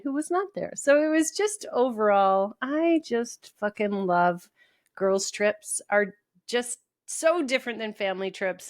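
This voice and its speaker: A woman's voice: mid-range voice, dry recording, studio quality. A woman co-hosting a podcast, telling stories in casual chat, laughing often and swearing freely. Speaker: podcast co-host.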